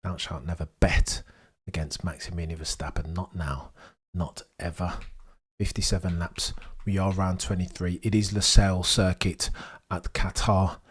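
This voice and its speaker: A young man hosting a live watchalong stream, chatting excitedly with his viewers and bantering as he goes. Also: low-pitched, a little slow, slightly rough.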